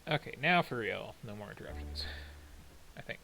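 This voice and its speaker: A man's voice: on the low side, lively intonation, a little fast, gravelly, bright, forceful tone, poor audio. A man giving rambling, wry and self-deprecating commentary while streaming a video game. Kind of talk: casual gameplay commentary. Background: game music.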